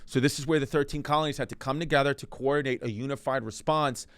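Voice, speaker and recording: A man's voice: medium pitch, fairly even intonation, quick pace, no room sound. A man hosting a comedic history show, telling it in a rambling, joking way and talking straight to the listener. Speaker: comedic history podcast host. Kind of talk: casual comedic storytelling.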